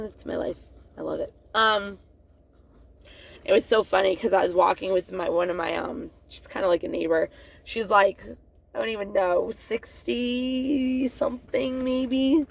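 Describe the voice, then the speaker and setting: A woman's voice: mid-range voice, creaky, fairly bright tone. A woman talking straight to camera in a rambling, profane monologue, often losing her thread and laughing at herself. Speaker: vlogger.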